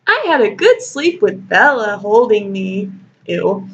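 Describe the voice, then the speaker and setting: A woman reads fanfiction aloud and tears into it with sarcasm, swearing freely and often laughing. She takes her time with an unhurried pace. The recording sounds dull and lo-fi, with a faint hiss underneath. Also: medium pitch, sing-song, a bit bright. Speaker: host. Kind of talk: sarcastic fanfiction reading and critique.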